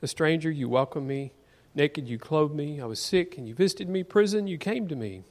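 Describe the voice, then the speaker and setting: Earnest preacher in a reverberant church. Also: male voice, on the high side, animated, normal speed. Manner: earnest, rhetorical questions to the congregation. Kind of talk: sermon. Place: church sanctuary.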